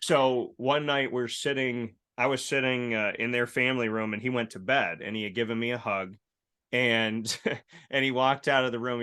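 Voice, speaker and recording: A man hosting a casual chat show, telling stories in a lively way and acting out the voices of the people in them. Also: mid-range voice, clear, resonant tone. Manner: animated storyteller, acts out quoted voices. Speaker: host.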